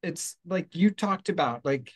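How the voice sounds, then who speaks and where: A man's voice: a little high, animated, measured pace, slightly rough. A man hosting a spiritual talk show, talking casually in a rambling, playful way, correcting himself as he goes. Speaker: host. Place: outdoors in hot weather.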